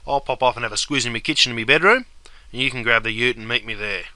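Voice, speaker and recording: A man's voice: medium pitch, fast talker, bright, forceful tone, no echo, poor audio. A young man with an Australian accent playing a laid-back mate full of slang in a comedy sketch. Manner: broad slang-laden banter. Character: laid-back Aussie bloke Bruce, slang-heavy mate.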